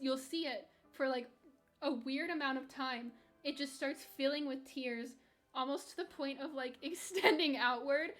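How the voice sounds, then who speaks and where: A young woman with a high-pitched, fairly bright voice streams while gaming, reading her live chat aloud. She chats candidly and rambles, with restarts and light laughs.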